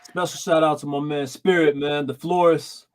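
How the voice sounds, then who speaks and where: A man's voice: a little high, steady tone, normal speed, noisy background. A man co-hosting a podcast, telling stories in casual slangy chat and laughing often. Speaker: podcast co-host.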